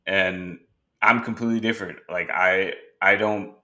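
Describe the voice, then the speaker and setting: A man hosting a podcast, telling animated stories in casual conversation and acting out the dialogue of the people in them. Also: sits low, moderate pace. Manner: animated storyteller who acts out quoted dialogue. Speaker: podcast host.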